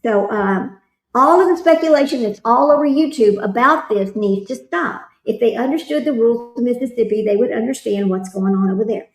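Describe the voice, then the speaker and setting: A woman livestreaming commentary on a trial chats casually with her audience, rambling from one thought to the next and reading live chat comments aloud. Her voice is a little higher than most and her pace is brisk. Her room has a noticeable echo.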